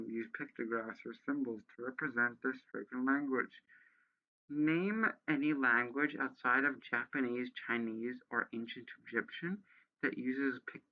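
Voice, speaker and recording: A man's voice: mid-range voice, steady tone, unhurried, phone-quality sound. A man giving sarcastic, exasperated commentary as he reads a how-to page aloud, with a lot of swearing. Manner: exasperated, profane ranting. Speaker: video creator.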